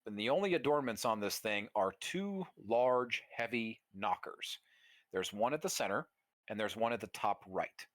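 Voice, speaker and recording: A man's voice: lowish voice, animated, moderate pace, fairly bright tone, no echo, studio quality. A man running a tabletop game as game master, describing scenes vividly with casual fillers.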